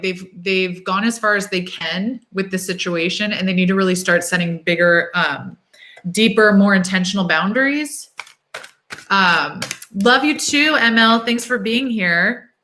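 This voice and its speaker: Reading tarot on a live stream, a young woman chats loosely and talks through every card as she thinks it over. She sounds bright, forward and encouraging, her pitch sitting mid-range, with frequent "like"s and "um"s.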